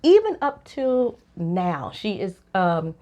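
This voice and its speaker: A woman co-hosting a relationship podcast, talking in a lively, opinionated way, her voice jumping up high when she is incredulous. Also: takes it slowly, highs cut off. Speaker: podcast co-host. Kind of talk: casual opinion chat.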